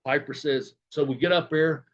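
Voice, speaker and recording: A man's voice: fairly high pitch, steady tone, moderate pace, a bit bright. A man guesting on an interview, telling rambling, profane anecdotes with laughs along the way. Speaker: guest, former wrestler. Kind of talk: casual storytelling interview. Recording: dull lo-fi sound.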